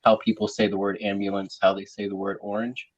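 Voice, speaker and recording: A man's voice: on the low side, little pitch movement, brisk, dull audio. A man with a slight Southern US twang hosting a casual live panel chat, rambling with frequent restarts. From American South. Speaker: livestream panel host.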